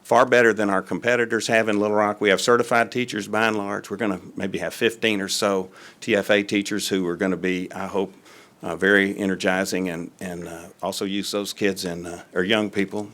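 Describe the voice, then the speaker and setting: An older man with a drawl talks to a city board in a fairly low voice. He is folksy and rambling and leans on plenty of "uh"s between thoughts. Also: little pitch movement, a little fast, a bit bright. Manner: folksy and rambling, with frequent fillers. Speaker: school superintendent. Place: city council meeting room.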